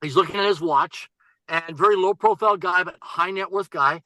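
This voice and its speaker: A man's voice: sits high, normal speed, bright, forceful tone, dry recording, low-quality recording. A man, a podcast guest who coaches and writes, telling a personal story emphatically, often repeating and restarting his phrases.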